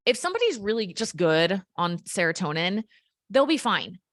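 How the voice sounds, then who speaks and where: A woman health coach explaining things simply in an energetic, casual chat, as a guest. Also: mid-range voice, normal speed, dry recording, studio quality.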